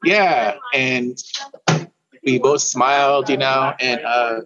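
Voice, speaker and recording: A man from Warm Springs, Oregon, telling a story in a casual interview, often restarting and repeating words and calling the host "bro". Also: mid-range voice, steady tone, takes it slowly, highs cut off, background noise. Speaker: guest musician.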